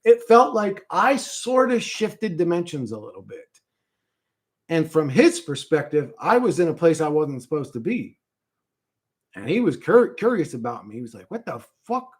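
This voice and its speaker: Man, casual rambling monologue, loose and halting, swears a lot, keeps trailing off and restarting. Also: fairly high pitch, sing-song. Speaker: streamer recounting a vision.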